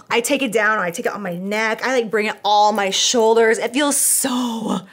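A woman's voice: medium pitch, steady tone, normal speed. Young woman, beauty vlogger, chatty and effusive, casual product-review delivery. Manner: gushing, chatty, swears casually, lots of "like".

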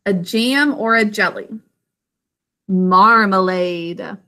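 A woman's voice: on the high side, lively intonation, unhurried, sharp tone. A woman teaching a spelling lesson to children, patiently sounding words out syllable by syllable over a video call.

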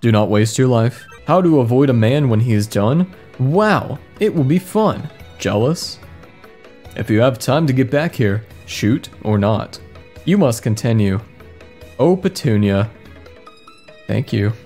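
A man's voice: mid-range voice, measured pace. A man doing comedic let's play commentary, reading mistranslated game text aloud and joking about it in a wry, amused way. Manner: wry, amused, reads mistranslated lines with deadpan jokes. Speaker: gaming commentator. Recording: faint game music behind voice.

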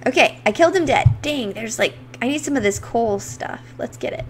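Excitable female gaming streamer, high bouncy voice, light background hiss. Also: brisk, hardly any pauses. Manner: excitable, squealing, talks to viewers. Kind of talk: casual game commentary.

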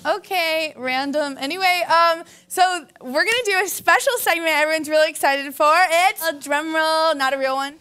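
A woman's voice: high voice, moderate pace, hardly any pauses, bright, forceful tone, faint music behind. Snippy woman hosting a comedy show. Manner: self-absorbed, snippy, rambling with many ums. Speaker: show host. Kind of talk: deadpan sketch comedy hosting.

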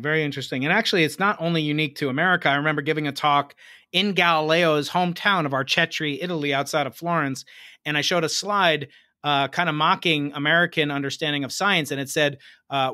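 A man hosting a podcast interview, talking in an animated, jokey way and laughing often. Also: fairly high pitch, brisk, dry recording, studio quality. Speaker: podcast host. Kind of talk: interview conversation.

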